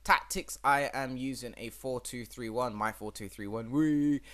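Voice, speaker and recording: A man's voice: mid-range voice, fairly even intonation, normal speed, fairly bright tone. A young man hosting his own gaming channel, chatting casually and rambling through a football management game with plenty of fillers.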